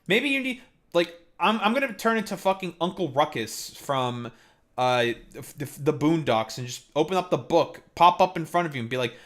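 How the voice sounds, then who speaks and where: A man's voice: on the high side, lively intonation, normal speed. A man hosting a live stream, ranting heatedly and mockingly as he reacts to a clip, swearing constantly. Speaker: streamer host.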